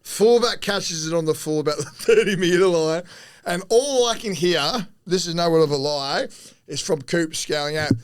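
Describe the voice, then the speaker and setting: A man's voice: fairly high pitch, normal speed, smooth. A man, a former rugby league player, telling rambling, profane stories in a casual podcast chat, often laughing mid-sentence. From Australia.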